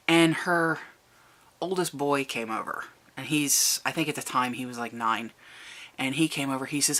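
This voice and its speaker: A vlogger telling a personal family story to the camera, halting and restarting, and lifting the voice to act out quoted people. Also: mid-range voice, a bit bright. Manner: recounts events, raising the voice for quoted people.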